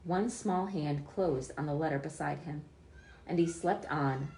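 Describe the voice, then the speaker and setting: A woman reading a children's book aloud, expressive, with small slips she corrects. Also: low voice, measured pace, vocal fry, echoey room, slight background noise. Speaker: storyteller.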